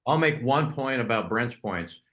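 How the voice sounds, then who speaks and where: A man's voice: mid-range voice, lively intonation, moderate pace, fairly bright tone. A man on a casual talk-show panel over a video call. He offers his opinions in a conversational way, often starting with "I think.".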